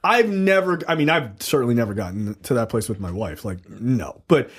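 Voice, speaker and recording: A man's voice: medium pitch, moderate pace, husky. A man in his thirties co-hosting a casual podcast chat, telling stories with lots of profanity and acted-out quotes. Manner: animated storyteller, acts out quotes with profanity. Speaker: podcast co-host.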